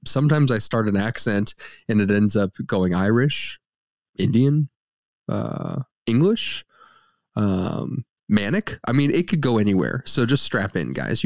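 Young male podcast co-host, playful, very expressive pitch, dry close mic. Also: no room sound. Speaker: podcast co-host, film reviewer. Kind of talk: casual film review chat.

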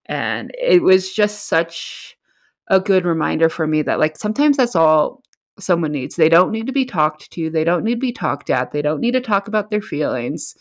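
A woman's voice: deep voice, lively intonation, moderate pace. A woman guest who works supporting at-risk youth, telling a moving story in a heartfelt way with many fillers. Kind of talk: emotional storytelling.

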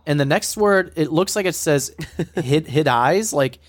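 A man's voice: a little high, expressive, unhurried, no echo, studio quality. A man co-hosting a podcast, telling a story in a rambling way with lots of fillers. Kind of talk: casual chat.

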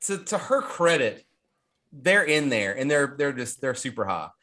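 A man co-hosting a podcast in casual movie chat, animated and laughing often. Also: medium pitch, moderate pace. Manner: animated, laughs often, puts on quoted voices. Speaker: podcast co-host.

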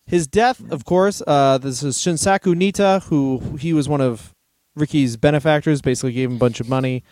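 A man's voice: fairly high pitch, a little fast, darkish tone, no room sound. A man co-hosting a comedy podcast, telling stories in casual chat and laughing often. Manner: storytelling, reads out history passages, laughs often.

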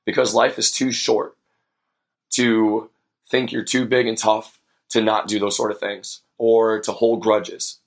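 Earnest young man with a lowish voice. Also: little pitch movement, a little slow. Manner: earnest and reflective, with many fillers. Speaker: podcast host. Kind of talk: personal storytelling monologue.

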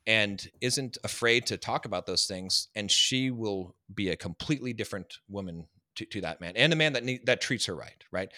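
A man's voice: lowish voice, bright, forceful tone, no echo, clean studio sound. A man giving a long, emphatic interview answer, lecturing with many repeated words. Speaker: guest.

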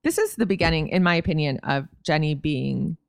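A woman's voice: deep voice, lively intonation, a little fast, vocal fry, no echo, clean studio sound. A woman co-hosting a podcast, recapping a TV episode in casual, wry chat. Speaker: podcast co-host.

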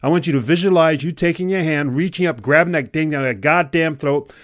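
A man's voice: on the high side, lively intonation, normal speed, no echo, clean studio sound. Intense man giving a pep talk. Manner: intense, emphatic, swings from loud exhortation to hushed intimacy. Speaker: podcast host. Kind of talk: motivational podcast monologue. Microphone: podcast microphone.

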